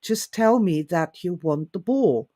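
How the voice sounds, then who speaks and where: Lady playing a calm little wishing elf, coaxing and patient, no fuss, dry sound. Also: lowish voice, measured pace, no echo. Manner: patient, coaxing, matter-of-fact.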